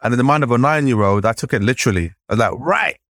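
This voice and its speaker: Man, from Nigeria, podcast guest, lively storyteller, acts out voices, mid-pitched, dry close sound. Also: racing, no echo. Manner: animated, acts out remembered voices, frequent "like". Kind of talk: storytelling in conversation.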